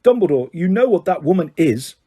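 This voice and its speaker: A man's voice: fairly high pitch, very animated, fairly quick, warm tone. A man voicing a flustered, pompous middle-aged government minister who blusters defensively. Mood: blustering.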